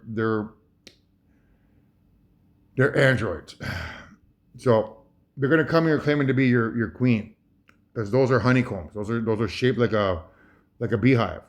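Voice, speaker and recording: A man from Ontario, Canada, giving rambling, heated commentary over a video, swearing often and restarting his sentences. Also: mid-range voice. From Ontario, Canada (Saugeen First Nation). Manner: heated, profane, emphatic with many restarts.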